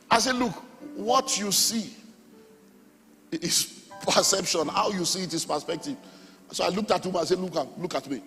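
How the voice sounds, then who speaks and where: A middle-aged Nigerian man preaching a sermon as pastor, animated, with sudden shouts and sung phrases. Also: a little high, normal speed. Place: church hall. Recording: long hall reverb, faint music.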